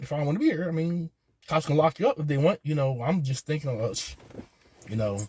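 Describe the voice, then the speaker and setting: A man, speaking earnestly in a halting personal monologue, often repeating his words. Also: mid-range voice, a little mellow, slightly rough, dry recording. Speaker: vlogger.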